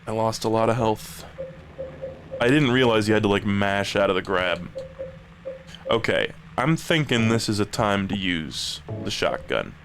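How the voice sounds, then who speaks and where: A man streaming a horror game, joking, swearing and reacting with lively excitement. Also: fairly low pitch, measured pace, background noise. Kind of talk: casual live game commentary. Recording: game music playing behind. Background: game soundtrack music.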